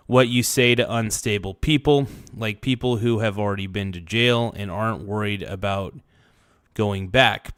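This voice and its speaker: A man's voice: fairly low pitch, a bit bright, clean tone, no room sound, studio quality. A man streaming an angry rant, reading out messages and swearing heatedly. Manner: heated, profane, reads messages aloud and rants.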